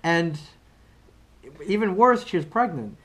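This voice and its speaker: A man's voice: high voice, expressive, slow pace, a bit bright. A man co-hosting a podcast, chatting casually and telling a story with loose restarts and fillers. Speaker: podcast co-host. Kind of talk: casual chat.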